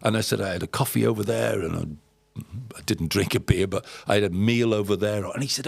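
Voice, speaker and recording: A man's voice: fairly low pitch, lively intonation, a little fast, vocal fry, no echo. A middle-aged man from England casually telling a rambling anecdote, repeating words and acting out what people said. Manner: rambling storyteller, repeats words, acts out quotes. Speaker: podcast guest telling travel stories.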